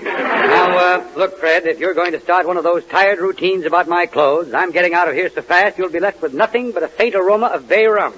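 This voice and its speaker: Old radio comedy guest, dry polished one-liners, bright high-ish voice, dull muffled broadcast. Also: male voice, a little fast. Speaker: guest film star. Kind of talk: 1940s radio comedy sketch.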